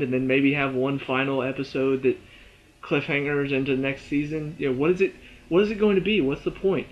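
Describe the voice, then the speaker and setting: A man giving a casual, animated spoken review of a TV episode, chatty and full of "you know" and "uh". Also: a little high, dull audio, slight background noise.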